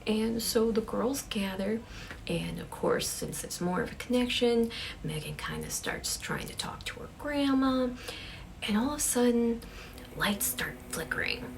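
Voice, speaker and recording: A woman's voice: on the high side, animated, measured pace, creaky, slight background noise. A woman casually telling a ghost story, dropping to a whisper for suspense and using chatty fillers.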